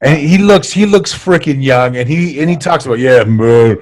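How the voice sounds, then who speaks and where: A man's voice: a little high, animated, fairly quick. A man interviewing a friend in a casual chat, laid-back and slangy, with some casual swearing.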